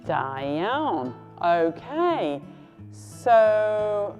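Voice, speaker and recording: Slow, patient woman tutor. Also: lowish voice, lively intonation, a little mellow. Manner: encouraging, repeats phrases slowly for the class to copy. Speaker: Welsh language tutor. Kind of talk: teaching a beginners' class. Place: classroom. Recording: reverberant room with faint guitar music.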